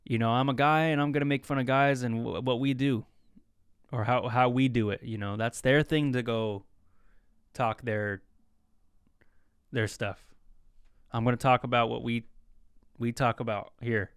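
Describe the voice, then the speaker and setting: A man's voice: medium pitch, normal speed, pauses often, clear, resonant tone, no echo, studio quality. A young man hosting a podcast, telling joking stories in a casual solo talk and mimicking the people in them. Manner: joking, animated storytelling with mimicked voices. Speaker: podcast host.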